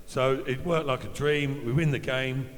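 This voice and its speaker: Guy in his 50s spinning footy stories at an evening do, mid pitch, hall echo. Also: fairly even intonation, normal speed. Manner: chatty anecdotal storyteller, acts out quoted voices. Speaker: former footballer telling stories at an evening event. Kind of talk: after-dinner storytelling.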